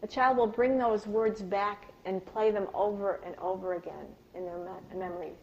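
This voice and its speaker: A woman giving a live workshop talk on parenting, telling animated personal stories and asking her audience questions. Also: normal speed, muffled recording, a little hiss or hum. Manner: acts out yelled lines in a high, loud voice. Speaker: parenting and communication speaker.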